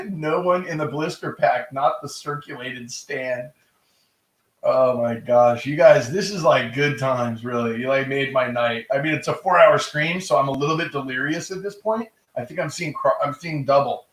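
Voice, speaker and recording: A man's voice: medium pitch, normal speed, roomy sound, poor audio. A man casually chatting as he runs a live-stream auction from his home, laughing often and rambling between bids. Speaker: livestream auction host. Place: room at home.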